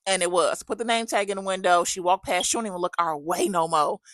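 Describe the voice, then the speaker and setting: A woman's voice: fairly low pitch, quick pace, no room sound. A woman, likely a mother of several kids, telling a story in a casual chat style and animatedly acting out the people she quotes. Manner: animated, acts out quoted dialogue.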